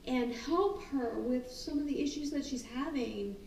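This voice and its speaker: Animated woman dog trainer, high voice, echoey room, mic set back. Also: a little slow, gravelly, slight background noise. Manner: animated, acts out excited calls and the dogs' thoughts. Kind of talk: casual talk on dog training. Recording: roomy, distant mic, faint ambience.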